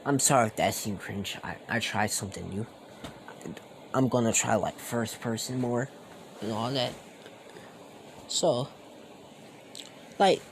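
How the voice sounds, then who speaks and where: A man's voice: mid-range voice, vocal fry, noisy background. A young man casually retelling a fan story, rambling with lots of fillers.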